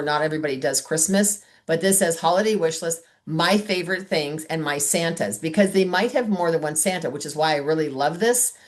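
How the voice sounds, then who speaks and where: Chatty low-voiced woman coaching sales. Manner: chatty, acts out customer dialogues. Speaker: sales team trainer. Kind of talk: casual training talk on a video call.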